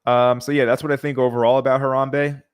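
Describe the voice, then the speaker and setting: A man hosts a casual livestream and talks over viewer comments at an easy pace, with fillers and small sighs. His pitch stays low-key and flat and barely moves. He sounds close to his microphone. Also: fast, clear, resonant tone. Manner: relaxed, chatty, reads out viewer comments. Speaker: livestream host.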